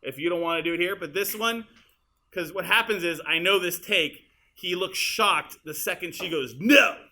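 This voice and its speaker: A male teacher walking students through an editing demonstration in a high school classroom, casual and chatty as he works. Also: normal speed, pushed and bright. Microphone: room mic, uneven audio quality.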